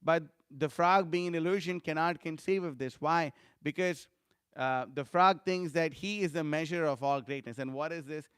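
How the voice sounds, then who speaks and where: A man giving an informal scripture lecture, talking conversationally with frequent fillers and animated storytelling. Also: fairly high pitch, normal speed, clear, resonant tone, dry recording, clean studio sound. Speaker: scripture class speaker.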